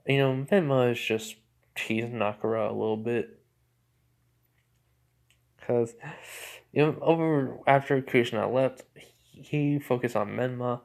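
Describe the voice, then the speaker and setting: A man's voice: mid-range voice, gravelly. A man casually retelling a fan story, rambling and often correcting himself mid-sentence with lots of filler words.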